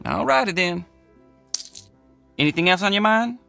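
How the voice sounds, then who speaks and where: Casting: a folksy game mechanic with a gravelly drawl and a bouncing, lively delivery. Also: male voice, high-pitched, moderate pace, over music. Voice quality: rural drawl, slangy grammar. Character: folksy middle-aged male mechanic, easygoing and apologetic. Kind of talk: video game voice acting.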